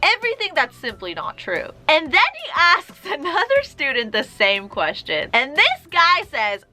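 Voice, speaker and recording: A young woman with a high, bright voice recounts a personal story in a storytime vlog. Her delivery swings widely and stays exasperated and animated. Faint music sits underneath. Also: a little slow, hardly any pauses. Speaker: vlogger.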